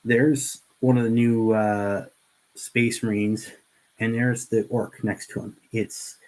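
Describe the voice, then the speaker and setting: Chatty, low-voiced man streaming. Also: little pitch movement, slow, darkish tone, low-quality recording. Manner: rambling, restarts often, chatty and earnest. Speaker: livestream host painting miniatures. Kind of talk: casual livestream chat.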